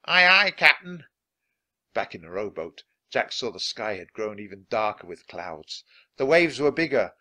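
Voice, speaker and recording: A man reading a children's chapter book aloud in an expressive, animated way. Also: fairly low pitch, moderate pace. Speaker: audiobook reader.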